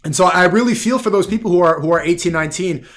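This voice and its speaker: A man's voice: high voice, fast talker, fairly bright tone. A man on a live stream, telling a loose, rambling story packed with filler.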